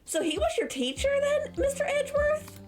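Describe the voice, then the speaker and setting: A woman voicing an excitable young spirit medium in a high, bubbly voice. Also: moderate pace. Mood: outraged.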